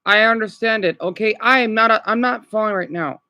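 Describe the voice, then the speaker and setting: A man with a high, bright, sharp-edged voice rambles through an unscripted livestream from home. He is upset and worn out, stops and restarts often, and keeps asking "okay?". The sound is close and dry, with no room echo. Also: creaky. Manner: halting, repeats himself, frequent "okay?" tags. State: upset and exhausted. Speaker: vlogger livestreaming.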